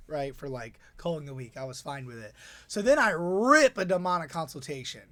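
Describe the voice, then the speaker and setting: Excitable man rambling about his games. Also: a little high. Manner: excitable, rambling, quick asides. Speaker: tournament organizer and player. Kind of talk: casual deck breakdown.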